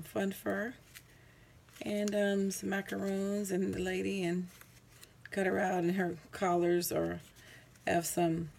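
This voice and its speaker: Fairly low and creaky with a darkish tone, this woman's voice comes with slight background noise. She's a craft vlogger rambling through a casual show-and-tell at home, tired, fixing her words and saying um a lot, captured by a camera mic.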